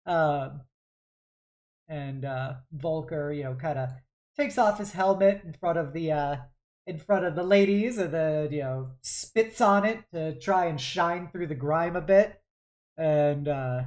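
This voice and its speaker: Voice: mid-range voice, measured pace, a little mellow. A game master narrating a tabletop game in a hesitant way, with many fillers.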